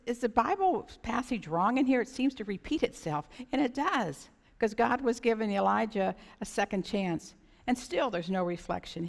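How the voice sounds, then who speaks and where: Woman pastor, gravelly edge, storytelling sermon with acted-out voices, echoing church sanctuary. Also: medium pitch. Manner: conversational storytelling, acts out voices.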